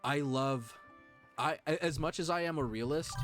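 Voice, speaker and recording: A man streaming live, talking earnestly and emotionally to his chat, with halting restarts. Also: fairly high pitch, a bit bright, soft background music.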